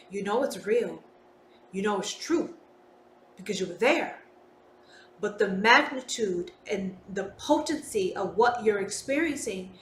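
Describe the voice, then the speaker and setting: Slow, emphatic woman podcasting in a roomy space. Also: mid-range voice, fairly bright tone. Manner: emphatic, slow and deliberate, frequent swearing. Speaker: podcast host. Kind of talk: solo podcast monologue. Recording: roomy with faint background noise.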